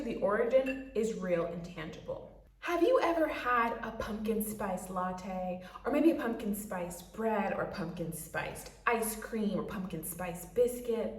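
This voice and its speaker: A woman's voice: mid-range voice, distant mic. A woman giving a casual explainer commentary in a chatty way, with playful asides and rhetorical questions. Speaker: video essayist. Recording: roomy echo, a bit off-mic.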